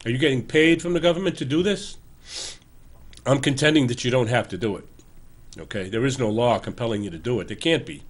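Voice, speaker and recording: With a medium-pitched voice and a fairly quick pace, a man in his 60s hosts a show, giving political commentary. He's earnest and emphatic, urges his listeners, and keeps things loose and conversational, often correcting himself mid-thought.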